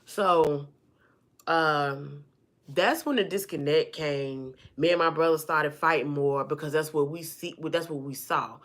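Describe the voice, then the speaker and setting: A woman vlogger telling a personal story to her viewers in a lively, chatty way, calling them y'all and honey and acting out the people in it. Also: low voice, a little slow. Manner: acts out the people in her stories.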